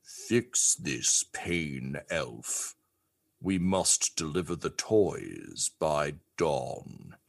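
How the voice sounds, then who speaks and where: A man's voice: rumbling low, lively intonation, extremely slow, vocal fry, voice pushed down, heavily acted. A man voicing a stern, imperious older male Santa who mutters and gives clipped commands. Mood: commanding.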